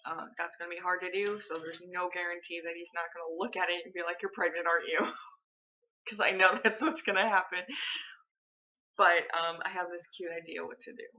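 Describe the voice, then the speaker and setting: A young woman talking to her camera in a loose, confiding way, circling back through ums and restarts. Her voice is bright and a little sharp at the edges. The home video sound is dull and lo-fi. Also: on the low side, fairly even intonation, normal speed. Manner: candid and chatty, rambling with many fillers and restarts. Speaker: vlogger. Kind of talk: casual chat to camera.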